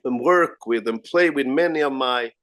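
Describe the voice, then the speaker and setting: A Swedish man, a guest musician, telling animated anecdotes in a casual remote interview, restarting his sentences and laughing often. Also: mid-range voice, normal speed. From Sweden.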